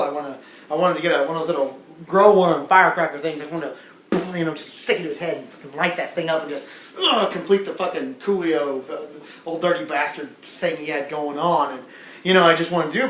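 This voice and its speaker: A man's voice: on the high side, a bit bright, slight background noise. A young man doing a stand-up comedy set, telling a rambling, profane story with lots of swearing and asides to the crowd. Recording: echoey room with faint ambience.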